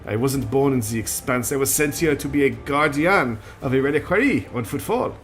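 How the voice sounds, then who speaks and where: A brooding, stern warrior woman from a game, as a man reads her lines. She talks low and measured in a put-on French accent that keeps slipping, with mid-range pitch. Faint music sits underneath. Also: animated, lightly acted. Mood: solemn. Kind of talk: reading game dialogue aloud.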